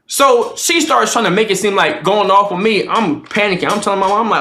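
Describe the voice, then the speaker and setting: A man in his twenties telling a crude personal story in casual storytime style, profane and animated, acting out the voices of others. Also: sits high, brisk, hardly any pauses, a little hiss or hum. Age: 20s. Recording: roomy echo.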